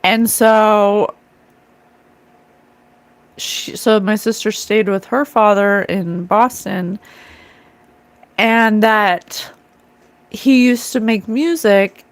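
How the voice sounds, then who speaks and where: Give me a woman psychic streamer, heartfelt and slow, dry close sound. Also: mid-range voice, fairly even intonation, dry recording. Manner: earnest, emotional, talks to viewers in chat. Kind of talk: live-stream card reading, casual talk.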